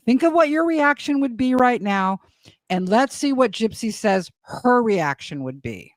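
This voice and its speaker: A woman commentator in a played clip, posing deliberate questions to her viewers. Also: a little high, sing-song, dry recording. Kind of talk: reaction commentary.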